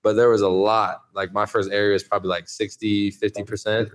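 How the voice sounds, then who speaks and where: A man in his twenties, a podcast guest, chatting in a relaxed way and often saying "like". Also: fairly low pitch, fairly quick. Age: 20s. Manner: relaxed, lots of "like" fillers. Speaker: podcast guest, college athlete. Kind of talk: casual interview chat.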